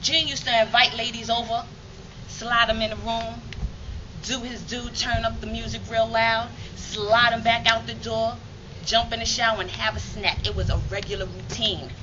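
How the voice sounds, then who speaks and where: A woman's voice: fairly high pitch, little pitch movement, normal speed, dull audio, background noise. A woman from New York performing a dramatic spoken monologue in a rhythmic, emphatic, streetwise way.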